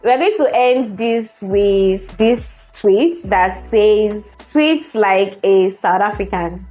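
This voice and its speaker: A woman's voice: mid-range voice, slow, soft background music. A woman in her thirties with a Nigerian accent, chatting casually and laughing as she reads out tweets. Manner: laughs often, lively and chatty. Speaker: vlogger. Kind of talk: casual commentary reading tweets.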